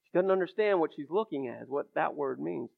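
A preacher speaks in a high, gravelly male voice, animated and a little fast, his impassioned sermon building from hushed near-whispers to loud, ringing declarations. The audio sounds narrow and phone-like.

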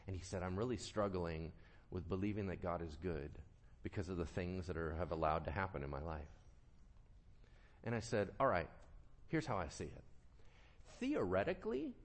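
A male pastor preaching a sermon, swinging from quiet earnest talk to loud animated bursts and acting out quoted voices. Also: medium pitch.

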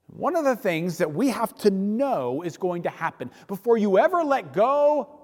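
Animated, high-voiced preacher in a hall. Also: male voice. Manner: animated storytelling, sudden drops to near-whisper. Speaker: pastor. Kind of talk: sermon. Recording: long reverb in a large hall.

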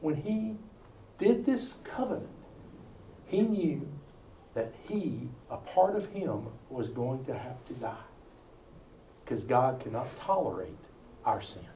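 A man preaching, telling the story with animated asides and jokes. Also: mid-range voice, slow pace, long pauses, a little hiss or hum. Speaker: preacher teaching a Bible study. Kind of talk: sermon. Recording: roomy sound from far off with faint ambience.

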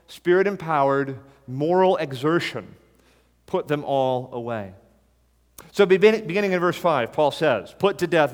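Pastor, male, fairly high voice, forceful repeated imperatives, sermon in a reverberant hall. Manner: emphatic, hammering repeated imperatives.

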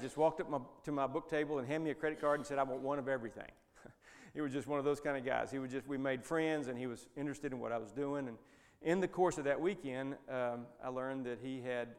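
Folksy preacher in a reverberant hall. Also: male voice, mid-range voice. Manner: folksy, rambling, with many restarts. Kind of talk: sermon storytelling.

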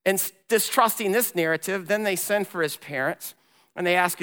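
A fairly high, bright-voiced man preaches a sermon and tells the story with animated flair. His voice carries a long reverb from a large hall. He acts out the people in the story as he goes. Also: normal speed, clear, resonant tone. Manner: animated storytelling, voicing characters in dramatic retelling. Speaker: pastor.

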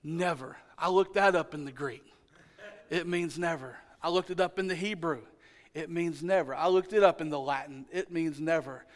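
A pastor, preaching a sermon in a church and telling a family story with humorous asides. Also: male voice, on the high side, moderate pace. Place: church sanctuary.

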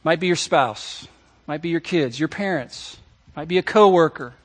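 High-voiced male pastor preaching earnestly. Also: moderate pace, breathy edge. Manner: earnest preaching with repeated phrases; addresses the congregation directly. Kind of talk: sermon. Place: church service.

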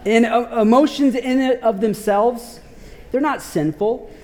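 Male preacher, high voice, loose and animated, slangy storytelling from the pulpit. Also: unhurried. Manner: animated, slangy, many "like" fillers. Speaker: pastor. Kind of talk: casual storytelling sermon.

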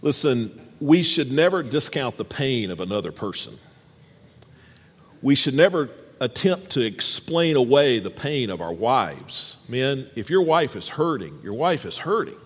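A man preaching a sermon as pastor. He reads scripture aloud and speaks straight to the congregation in an animated way. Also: medium pitch, unhurried, breathy edge. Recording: long hall reverb.

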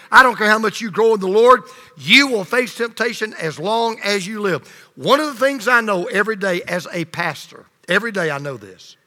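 A male pastor preaching a sermon, swinging between loud emphasis and hushed low lines, leading the congregation in call and response. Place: church sanctuary. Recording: long reverb of a large hall.

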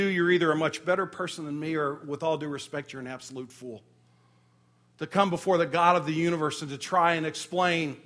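A man's voice: a little high, a bit bright. A middle-aged man preaching a sermon as pastor, emotional and conversational, with humor and frequent restarts.

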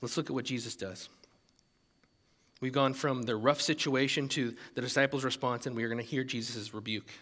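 A man preaching a sermon as pastor, animated and conversational, with many restarts. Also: medium pitch, brisk, big-room sound.

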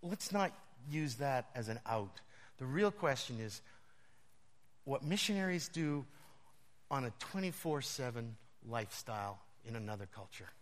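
A male pastor preaching a storytelling sermon, animated and often laughing as he tells his stories. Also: mid-range voice, a little slow. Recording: long reverb of a large hall.

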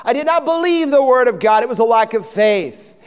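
Male pastor, high resonant voice, impassioned sermon delivery, big reverberant church. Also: lively intonation, brisk, clear, resonant tone. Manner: impassioned preaching, acting out quoted voices. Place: church sanctuary.

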